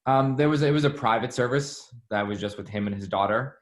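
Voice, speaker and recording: A man being interviewed, telling stories in a chatty, animated way with lots of "like". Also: medium pitch, brisk. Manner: chatty, animated, heavy use of "like". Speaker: interview guest, former assistant. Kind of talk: casual storytelling interview.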